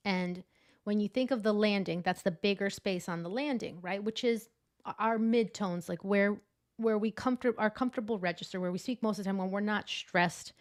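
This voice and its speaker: A woman, an adjunct professor of public speaking, explaining vocal tips on a video call in an enthusiastic, animated way. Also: mid-range voice, normal speed. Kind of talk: casual interview chat.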